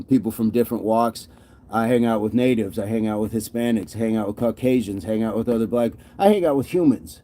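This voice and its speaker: A man's voice: mid-range voice, mellow. A man hosting a fitness livestream, reading viewer comments aloud and answering them in a casual, encouraging, upbeat way. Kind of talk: casual live chat while working out.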